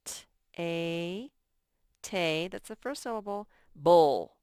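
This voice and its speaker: A woman teacher talks young children through their spelling words, breaking each one into syllables at an unhurried pace. Her voice is smooth and somewhat low, with a dry, close sound. She speaks plainly and patiently. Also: no room sound. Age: adult. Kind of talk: first-grade spelling lesson.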